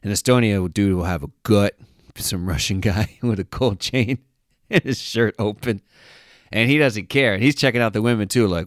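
Low gravelly guy vlogging, sarcastic jokey ramble, dry close sound. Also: normal speed, no room sound. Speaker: travel vlogger. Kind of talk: casual monologue.

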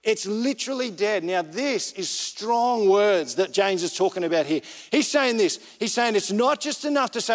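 Man, pastor, high voice, relaxed conversational sermon, lots of repeated phrases, long hall reverb. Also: normal speed, hardly any pauses.

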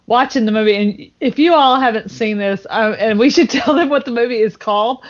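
A fairly high-voiced woman co-hosts a relaxed talk, telling stories with lots of energy and giggles and slipping into quoted voices. The sound is a little dull and muffled. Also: fairly quick. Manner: animated, giggly, acts out quotes. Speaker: co-host. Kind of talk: casual chat.

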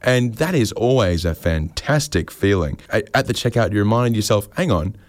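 A man's voice: lowish voice, lively intonation, moderate pace, dry recording. Rambling man, dry delivery. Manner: rambling, dry, self-mocking asides. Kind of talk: comedic monologue.

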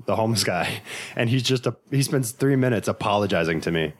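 A man's voice: lowish voice, animated, brisk, crowd noise. A male comedian and military veteran telling a profane, rambling story in casual podcast talk. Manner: profane, rambling anecdote with frequent fillers. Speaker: stand-up comedian and Marine veteran.

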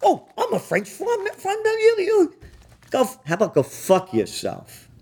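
A man mockingly voicing a prissy, flustered male diplomat in a squeaky falsetto. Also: huge pitch swings, normal speed, creaky, mellow, slightly rough, heavily acted.

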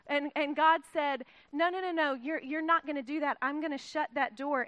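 A woman's voice: high-pitched, fairly bright tone, no echo. A middle-aged woman giving an informal, self-deprecating sermon, laughing often. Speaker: guest speaker filling in at church.

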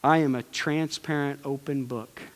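A man preaching a sermon with passion, swinging from loud urging to hushed pleading. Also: medium pitch, fairly even intonation, moderate pace. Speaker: pastor. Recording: long hall reverb.

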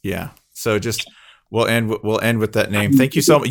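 A man hosting a podcast, telling an anecdote in a lively way and acting out what others said. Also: lowish voice, moderate pace. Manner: lively anecdote teller, acts out quotes. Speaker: podcast host. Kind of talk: casual chat.

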